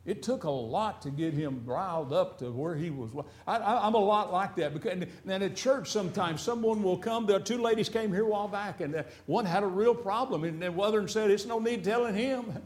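Man, middle-aged pastor, high-pitched, folksy and repetitive sermon delivery. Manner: folksy, repeats words, slows for emphasis, reads scripture in old English.

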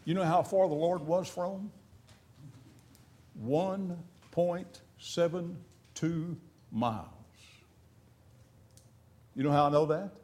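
A middle-aged pastor preaching in a high voice. He talks in a folksy way, repeating his words and stretching key lines slowly. He reads scripture in old-fashioned English. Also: darkish tone. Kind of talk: sermon.

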